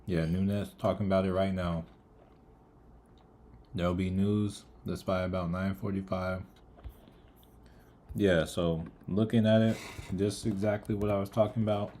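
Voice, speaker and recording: Casting: deep, mellow-voiced male streamer, relaxed and chatty, talking with food in his mouth, faint hiss. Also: unhurried, pauses often. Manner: relaxed, greets chat viewers by name. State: eating, mouth full of food. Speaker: livestream trader. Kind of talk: casual live market commentary.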